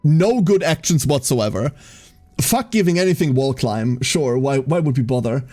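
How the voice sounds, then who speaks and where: A man's voice: medium pitch, animated, normal speed, dark tone, faint music behind. A man giving casual gaming commentary on a stream, wry and sweary, with laughs.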